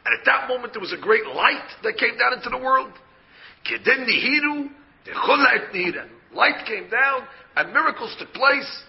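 A man's voice: extremely high pitch, expressive, moderate pace, creaky, highs cut off. A man, a rabbi, giving a Torah lecture and explaining by asking questions and answering them himself. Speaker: rabbi teaching a Torah class.

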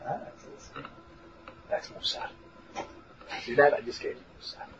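A man teaching a Torah lesson in a lively, animated way, mixing Hebrew and English, acting out voices and laughing along the way. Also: measured pace, background noise. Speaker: rabbi teaching a class. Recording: dull lo-fi recording.

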